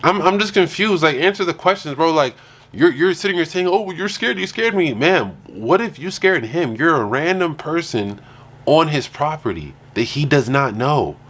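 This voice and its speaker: A man's voice: on the high side, animated, normal speed, a bit bright. A man hosting a reaction channel, giving exasperated, slangy commentary and hammering home his points.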